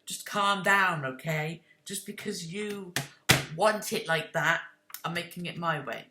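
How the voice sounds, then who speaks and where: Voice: medium pitch, a little slow, reverberant, very noisy. A video creator talking casually and rambling, correcting themselves and snapping defensively at imagined critics. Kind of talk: casual rambling explanation to camera.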